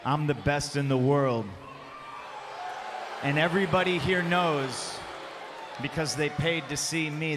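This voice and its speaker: A man with a high, piercing voice mocks his rival in a sneering wrestling promo and rises to shouts. He speaks into a handheld microphone in a large arena, with long reverb. A faint noise sits behind the speech. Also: unhurried, pauses often, crowd noise. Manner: taunting, mocking, often shouting. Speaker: pro wrestling champion.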